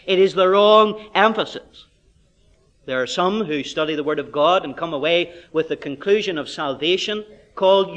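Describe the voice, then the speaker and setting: Northern irish preacher guy, high voice, goes big and loud then drops right down quiet. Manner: emphatic, swings between loud proclamation and quiet asides. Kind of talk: expository Bible sermon.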